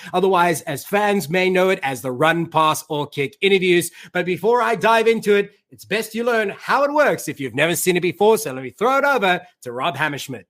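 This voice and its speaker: High-voiced man announcing a podcast. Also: a bit bright. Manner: announcer-like, formal. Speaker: podcast host. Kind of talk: scripted show introduction.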